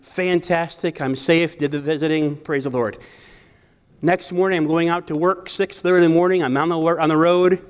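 In a slightly high, clean voice with fairly even intonation and a moderate pace, a man preaches a sermon woven with personal anecdotes. He speaks conversationally and keeps restarting sentences to correct himself.

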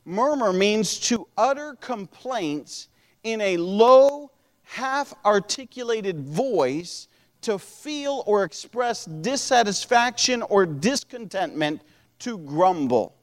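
Pastor guy preaching, pretty high voice, chatty with lots of restarts, big reverb. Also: animated, slow pace. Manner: conversational preaching with frequent restarts. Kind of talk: sermon.

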